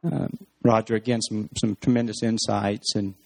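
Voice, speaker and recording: Gentle, low-voiced male pastor. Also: level tone, moderate pace, creaky. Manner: hesitant, gentle, many fillers. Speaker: pastor leading a church service. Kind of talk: church service interview and prayer. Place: church hall.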